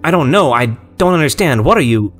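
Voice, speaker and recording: Brief: a narrator playing a scared doctor in an audio horror story, shouting and urgent. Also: male voice, fairly high pitch, animated, fairly quick, faint music behind, voice pushed up. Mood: panicked. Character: male doctor, panicked, urgent.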